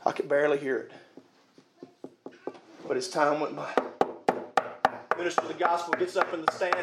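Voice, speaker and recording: A man preaching a sermon with fervour, rising to shouts at his peaks and chuckling between points. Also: high-pitched, steady tone, a little fast, long pauses, echoey room, heavy background noise.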